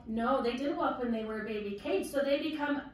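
A woman kindergarten teacher giving a vocabulary lesson, asking slow, patient questions and prompting children to repeat words. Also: high voice. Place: classroom. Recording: very echoey classroom from a distance, faint noise.

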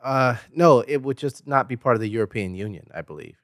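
A man's voice: medium pitch, animated, a little fast, no echo, studio quality. An American man co-hosting a podcast, explaining things earnestly in a casual chat, often hedging. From United States. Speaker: podcast co-host.

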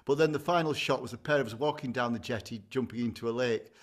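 A male podcast co-host in loose, comic conversation. He rambles and tells bawdy stories at an ordinary middle pitch. His tone stays casual and chatty. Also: quick pace. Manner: rambling, bawdy storytelling with bursts of laughter. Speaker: podcast co-host, agony uncle.

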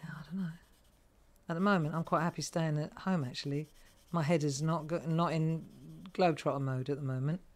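A woman's voice: sits low, fairly even intonation, fairly quick. A middle-aged woman hosting a live crafting tutorial, chatting to viewers and thinking aloud as she colours. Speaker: craft host.

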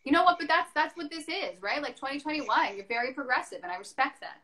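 A woman's voice: high voice, expressive, fast, pushed and bright. A woman hosting a casual video chat, rambling and giggly as she talks. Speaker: host.

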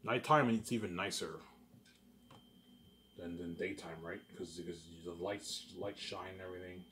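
A man's voice: sits low, normal speed, pushed and bright, slight background noise. A young man from Canada talking in a rambling, repetitive casual monologue to his viewers, boasting about his plans. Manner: repetitive, restarts phrases, boastful daydreaming. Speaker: vlogger.

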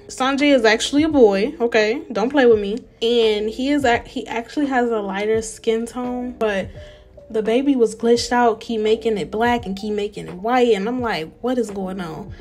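A young woman giving casual, animated let's-play commentary and talking straight to her viewers. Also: fairly high pitch. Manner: chatty, animated, talks to viewers as y'all. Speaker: gameplay narrator.

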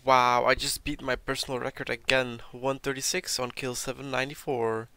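A young man who is sick, commenting casually over his gameplay, reading out loot drops and swearing when he gets excited. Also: mid-range voice, normal speed, no room sound. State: sick, sounding a bit off. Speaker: gaming video creator.

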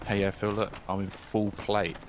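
A man's voice: on the low side, level tone, moderate pace, very noisy. A man chatting and teasing his friends casually while playing a co-op game over a headset. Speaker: co-op player. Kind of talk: casual co-op gaming chat.

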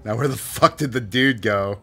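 A man streaming a game live, joking and swearing through his commentary with sudden loud outbursts. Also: medium pitch, moderate pace, faint music behind. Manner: jokey, swearing, bursts into loud silly outbursts.

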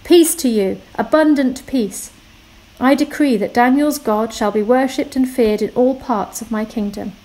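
Woman voicing a proclaiming ancient king, earnest and fairly high. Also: measured pace, mellow, low-quality recording. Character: anxious ancient male king, regal.

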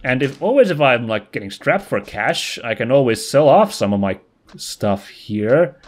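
A man's voice: medium pitch, big pitch swings, moderate pace. A young man casually commentating a game as he plays, rambling and correcting himself as he goes. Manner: rambling, self-correcting, chatty. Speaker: let's play host.

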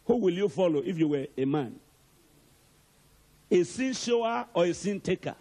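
A man's voice: sits high, animated, moderate pace, pauses often, warm tone. A male archbishop preaching a sermon emphatically and calling out to the congregation.

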